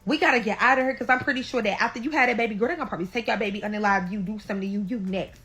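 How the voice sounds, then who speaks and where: Bright-voiced St. woman telling a story. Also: mid-range voice, rapid-fire, rough recording. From St. Louis, USA. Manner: animated, keeps calling out to listeners, swears freely. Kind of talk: storytime vlog.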